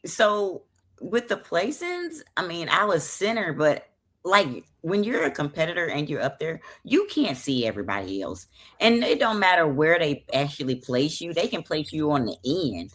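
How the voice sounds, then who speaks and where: A woman in her late thirties with a Southern US accent, chatting as an interview guest in a sassy, animated storytelling way. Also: sits low. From American South. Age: 30s. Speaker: guest, bodybuilding competitor. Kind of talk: casual interview chat.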